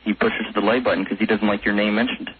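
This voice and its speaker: A man's voice: on the low side, level tone, fast talker. A man calling into a radio show, rambling through his story and giggling often. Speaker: prank caller. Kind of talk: casual chat. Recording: noisy tinny phone line.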